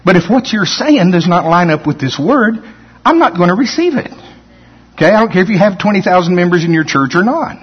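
A man's voice: sits high, fairly quick, husky. A man preaching a sermon, telling stories with acted-out quotes and frequent laughs. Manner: animated storytelling, acts out quotes, laughs often. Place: church hall. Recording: muffled hall recording.

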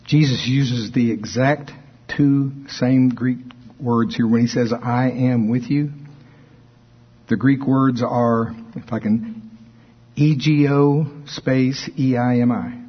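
A man's voice: medium pitch, steady tone, slow pace, breathy edge. A man teaching from the Bible in a sermon, explaining verses conversationally with asides. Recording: dull lo-fi recording.

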